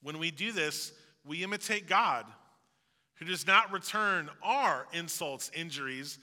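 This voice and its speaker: Bright-voiced man preaching in a reverberant hall. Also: a little high, animated, unhurried. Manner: earnest preaching with jokey asides. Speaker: pastor. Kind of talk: sermon.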